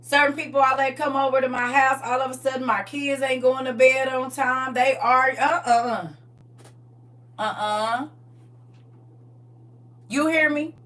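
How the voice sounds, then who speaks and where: A woman delivers a casual sermon, calling out to her listeners and coaxing answers from them. Her voice is bright and fairly high, and it reaches the mic from some distance away. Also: fairly even intonation, unhurried, long pauses. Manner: conversational, call-and-response with congregation. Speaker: preacher. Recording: voice from far off the mic.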